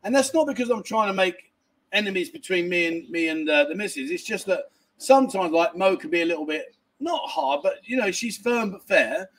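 A high-pitched man with a rough, creaky edge to his voice hosts a laid-back livestream. He reads viewer messages aloud and answers in a rambling, chatty way. He swears casually and often restarts his sentences. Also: lively intonation, fairly quick, a bit bright. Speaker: livestream host reading viewer chat. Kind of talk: casual live chat. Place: a family home in a village, indoors.

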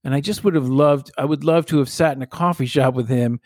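A man's voice: mid-range voice, fairly quick, darkish tone, dry recording, clean studio sound. A man in casual conversation as a podcast co-host, musing and rambling with playful banter. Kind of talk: casual chat.

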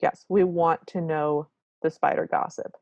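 A woman's voice: low-pitched, steady tone, measured pace, a little mellow, no echo, lo-fi sound. A woman co-hosting a podcast, recapping a cartoon in a wry, apologetic, casual way. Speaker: podcast co-host.

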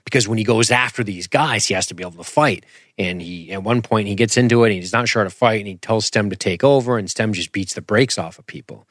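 A man hosting a podcast, talking in an animated, rambling, self-deprecating way and throwing in sound effects. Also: on the low side, no echo, studio quality. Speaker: podcast host. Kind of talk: casual podcast commentary.

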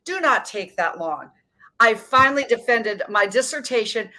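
A woman in her sixties from Montana, telling her story as a guest in an earnest, emphatic way with dramatic pauses. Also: medium pitch, animated, pushed and bright. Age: 60s. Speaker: guest, motivational speaker. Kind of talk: casual interview storytelling.

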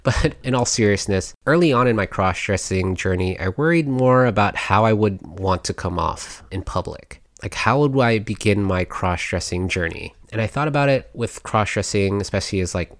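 A man's voice: fairly low pitch, lively intonation, moderate pace, hardly any pauses, no echo, studio quality. A man hosting a podcast, talking in a casual, rambling way with many fillers and little laughs. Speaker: podcast host.

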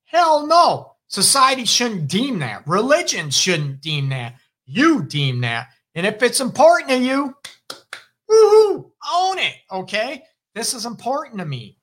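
A middle-aged man with a Detroit accent hosts a casual advice show on relationships. His voice is bright and lively, swinging up into sudden loud exclamations. He talks in an emphatic, animated way. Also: high-pitched, unhurried, slightly rough. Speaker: relationship counselor and show host.

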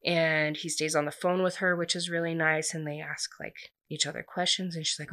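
Woman, slightly low voice, chatty, casual story recap, lots of fillers. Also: fairly even intonation, moderate pace, fairly bright tone.

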